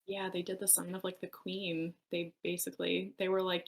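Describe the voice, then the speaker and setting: A woman's voice: lowish voice, monotone, moderate pace, gravelly, low-quality recording. A woman co-hosting a book club podcast, chatting casually and frankly, swearing freely. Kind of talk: casual chat.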